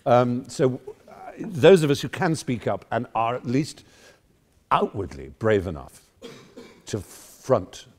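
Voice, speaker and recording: A man's voice: mid-range voice, very animated, slow. A man in his fifties with an English accent, giving an erudite, wry, digressive speech to a debating society audience. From England. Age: 50s. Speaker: guest speaker.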